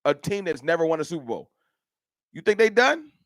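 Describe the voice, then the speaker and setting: A man hosts a casual livestream, talking straight to his viewers. His delivery is animated, and the small room around him sounds dry. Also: fairly high pitch, a little fast, no room sound. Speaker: livestream host. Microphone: camera mic.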